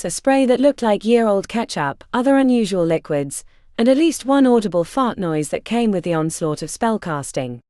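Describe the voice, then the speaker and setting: A woman narrating a fantasy audiobook in an expressive storytelling style. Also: mid-range voice, no room sound, clean studio sound.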